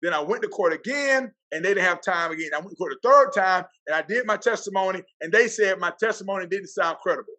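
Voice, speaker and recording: A man voicing a weary middle-aged male quarterback coach, speaking low and resigned. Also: expressive, fast, hardly any pauses, pushed and bright, low-quality recording.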